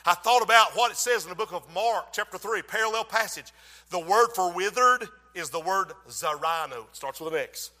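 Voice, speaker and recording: A male preacher, who swings between soft asides and shouted emphasis in his sermon. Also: high voice, expressive, normal speed. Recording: long hall reverb.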